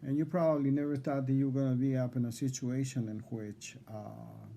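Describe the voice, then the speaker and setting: A man reading out insistent legal demands to a court evaluator, repeating himself and halting on fillers. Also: mid-range voice, flat delivery, creaky, warm tone, a little hiss or hum. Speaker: defendant addressing a court evaluator. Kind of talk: confrontational legal declaration.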